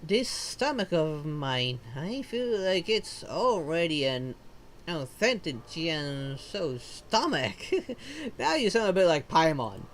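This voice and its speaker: A woman's voice: deep voice, very animated, slow, a little hiss or hum, full character voice. Chirpy foxian streamer girl. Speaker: game character livestreamer. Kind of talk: video game voice acting.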